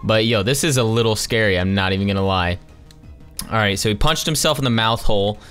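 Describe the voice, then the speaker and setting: A man's voice: lowish voice, brisk, fairly bright tone, smooth, faint music behind. A young man casually commentating a video game, slangy and jokey, with sarcastic asides. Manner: slangy, jokey, sarcastic, calls everyone dude. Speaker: gaming channel host. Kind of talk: casual let's-play commentary.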